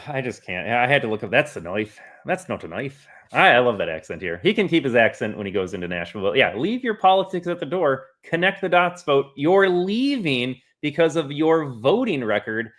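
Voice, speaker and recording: A man's voice: medium pitch, sing-song, brisk, few pauses, fairly bright tone. A man hosting a live political stream speaks in a mid-range voice, blunt and emphatic. He trips over his words now and then, repeating "I" before pushing on. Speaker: podcast host.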